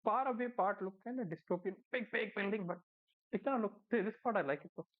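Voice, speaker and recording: Indian-accented man hosting a reaction video, halting chatty delivery, thin phone-line sound. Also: high-pitched. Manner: hesitant, full of fillers and tag questions. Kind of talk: casual reaction commentary.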